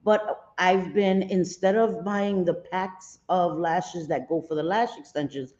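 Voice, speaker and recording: A middle-aged woman chatting on a livestream from home, calling her viewers sweetie and sweetheart. Her voice is slightly low and mellow, and she talks slowly. The sound is a little dull and lo-fi. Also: fairly even intonation. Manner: affectionate, greets viewers by name with pet names. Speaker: livestream host. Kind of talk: casual livestream chat.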